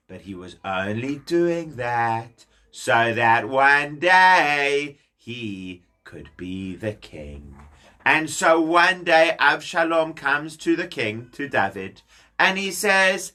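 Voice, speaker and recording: A man telling a story to children, animated, talking straight to his young listeners. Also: mid-range voice, takes it slowly. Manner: animated, addresses kids directly.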